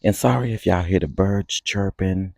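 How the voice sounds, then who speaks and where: A man's voice: deep voice, moderate pace, vocal fry, a little mellow, no room sound. A man hosting a casual morning livestream outdoors, greeting viewers by name in a playful, chatty, sing-song way. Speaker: livestream host.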